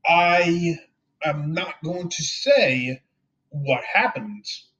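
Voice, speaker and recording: A man's voice: on the high side, expressive, very slow, fairly bright tone. A man giving a casual, rambling anime review, heartfelt and full of repeated words. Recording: dull lo-fi recording.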